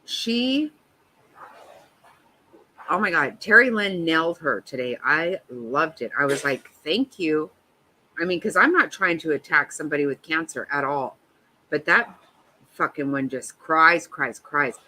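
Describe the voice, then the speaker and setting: A woman's voice: low-pitched, lively intonation, unhurried, sharp tone, slight background noise, poor audio. A woman in her fifties hosting a livestream, chatting casually with viewers and giving blunt, profane reactions to a trial. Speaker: livestream host.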